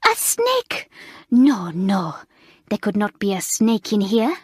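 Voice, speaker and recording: A woman voicing an excitable, easily flustered middle-aged French schoolmistress with a put-on French accent and shrill, squealing outbursts. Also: measured pace, slightly rough, no echo, clean studio sound. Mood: frantic.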